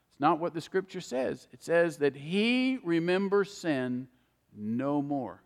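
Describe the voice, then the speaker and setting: A man's voice: fairly high pitch, lively intonation, slow pace, long reverb tail. A man preaching a sermon, earnest and speaking straight to his listeners. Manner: earnest, addresses listeners directly by name.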